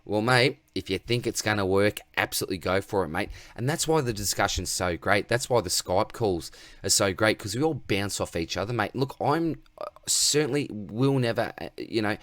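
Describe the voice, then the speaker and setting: Laid-back Australian host, low-pitched man, dry close sound, chatty Q&A delivery. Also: moderate pace, fairly bright tone, no echo. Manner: laid-back, reads chat aloud, says mate constantly. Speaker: host answering viewer questions. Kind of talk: casual livestream Q&A.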